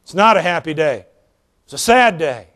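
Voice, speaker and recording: A man, an evangelist preaching a sermon in a folksy, animated way, drawing out his points. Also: a little high. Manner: folksy, animated, drawn-out emphasis. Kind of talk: sermon with storytelling.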